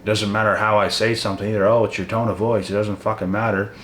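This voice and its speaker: A man with a very low voice delivers a blunt, profane motivational rant, calling out his critics head-on. The room around him rings with echo, and a faint hiss sits under the voice. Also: level tone, quick pace, fairly bright tone. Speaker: motivational channel host. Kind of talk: ranting motivational monologue. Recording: echoey room with faint noise.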